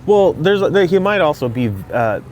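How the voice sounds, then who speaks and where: A man's voice: a little high, animated, normal speed, slight background noise. A man co-hosting a podcast in laid-back casual chat, laughing often and letting his sentences trail off. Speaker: podcast co-host.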